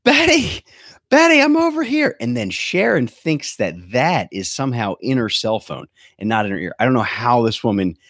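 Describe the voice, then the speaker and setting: A man's voice: fairly low pitch, expressive, moderate pace, hardly any pauses, no room sound, studio quality. A man in his thirties hosting a podcast from his bedroom, ranting sarcastically with plenty of swearing. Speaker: podcast host. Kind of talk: comedic rant. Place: bedroom at home. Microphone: webcam setup.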